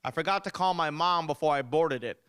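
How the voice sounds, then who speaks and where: A young man doing a stand-up comedy set, telling animated stories with punchy delivery. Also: on the high side, a little fast, clean tone, no room sound. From United States.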